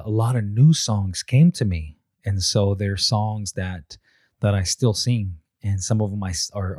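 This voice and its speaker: Young dad, deep low voice, measured and reflective, dry close sound. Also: male voice, darkish tone, no echo. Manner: measured, repeats words as he thinks. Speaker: father sharing parenting traditions. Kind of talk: reflective talk.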